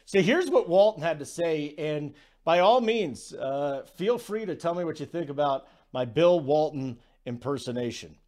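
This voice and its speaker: Casual male sports betting host, slightly high voice, conversational. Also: expressive, darkish tone. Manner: conversational, self-deprecating, quick asides.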